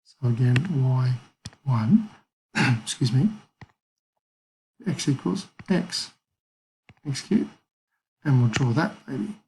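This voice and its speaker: Guy walking through calculator steps for a maths class, kinda gravelly, thinks out loud, bit of hiss behind. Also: medium pitch, expressive, takes it slowly, pauses often, low-quality recording. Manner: casual, thinks aloud with fillers and small apologies. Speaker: maths teacher. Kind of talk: calculator walkthrough lesson.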